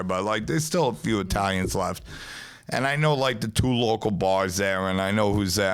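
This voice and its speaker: Low-voiced guy with a new york accent, cursing, animated, telling stories on a podcast. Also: clean tone. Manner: profane, storytelling, animated. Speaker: pizzeria owner, podcast guest. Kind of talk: casual chat.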